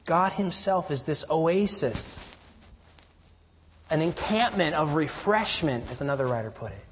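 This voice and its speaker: A man preaching a sermon in an earnest way, swinging between loud emphasis and hushed, quiet lows. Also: lively intonation, measured pace, a little hiss or hum. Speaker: pastor. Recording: reverberant hall.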